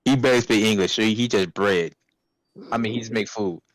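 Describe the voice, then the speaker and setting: A young man casually telling a profane, animated story about a fast-food job, acting out customers' voices. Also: on the low side. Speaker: podcast co-host.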